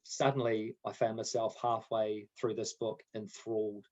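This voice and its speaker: Animated male podcast storyteller. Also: lowish voice, moderate pace, muffled recording. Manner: animated, acts out quoted dialogue. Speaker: podcast co-host. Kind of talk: casual chat, storytelling.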